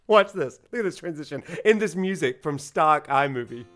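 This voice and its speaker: A man, a college professor who streams, chatting casually in an animated, laughing, self-deprecating way. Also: fairly high pitch, moderate pace, faint music behind.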